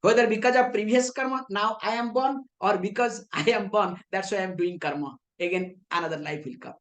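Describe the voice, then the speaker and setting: A woman spiritual teacher moves fairly quickly through a scripture lecture in English, using a medium-pitched voice. She often asks rhetorical questions, answers them herself, and adds playful teasing along the way.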